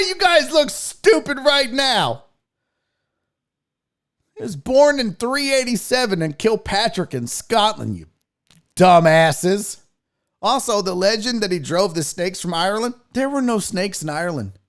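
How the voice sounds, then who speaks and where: A man hosting a comedic talk show, ranting in a loud, mocking, profane way and slipping into exaggerated voices. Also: high voice, gravelly. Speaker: podcast host.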